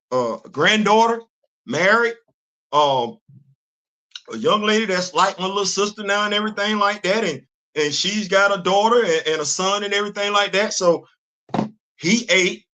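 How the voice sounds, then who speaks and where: Older man host, high bright voice, stammery restarts. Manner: animated, repeats words when he starts a sentence. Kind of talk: livestream commentary.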